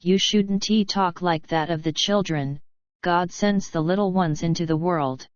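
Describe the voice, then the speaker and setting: A woman's voice: lowish voice, unhurried, clean tone, no echo, close to an everyday voice. A woman voicing a pious male cobbler who pleads and quotes Scripture, in a dry, slightly dull recording. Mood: pleading. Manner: pleading, preachy.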